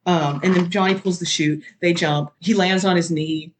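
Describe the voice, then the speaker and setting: A podcast guest excitedly recapping a movie in casual chat, acting out the characters' lines with sudden loud jumps in pitch. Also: moderate pace, a little hiss or hum. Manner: excitable, acts out quotes with big pitch jumps.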